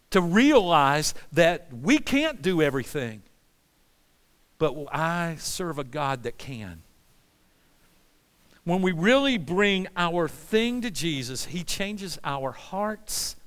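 A man preaching a sermon with passion, swinging between loud pleas and hushed, quiet lines. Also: fairly high pitch, smooth. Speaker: pastor. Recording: long hall reverb.

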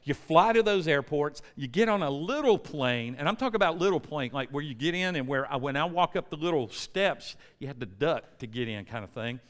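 A man's voice: on the high side, animated, brisk, few pauses. An American man preaching a sermon in a church, telling a story with lots of energy and checking in with the congregation. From United States. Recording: long reverb in a church hall.

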